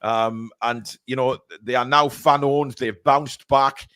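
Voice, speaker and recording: A man's voice: medium pitch, fairly even intonation, slow pace, bright, forceful tone, clear, resonant tone, no room sound. English guy hosting a live footy stream, rambly and chatty, dry close mic. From England. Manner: chatty, many fillers, reads out viewer comments. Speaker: host of a live fan stream. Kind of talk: casual live-stream chat.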